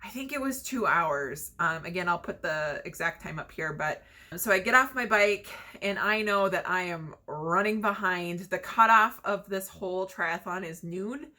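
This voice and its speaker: A woman's voice: lowish voice, normal speed, sharp tone. A young woman casually telling a personal story, chatty and laughing often between fillers. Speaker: vlogger telling her story.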